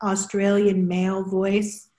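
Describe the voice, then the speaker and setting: A woman spiritual counselor chatting casually on a group video call, explaining in an unhurried way and often repeating herself. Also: medium pitch, monotone, mellow. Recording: roomy echo.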